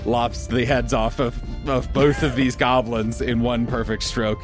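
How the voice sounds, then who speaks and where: A man at a tabletop game describes his hero's swings with loose, joking asides. His voice sits at an ordinary middle pitch. Faint music runs under the talk. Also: flat delivery, a little slow. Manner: joking, rambling storyteller. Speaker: player. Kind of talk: playing a tabletop game, casual banter.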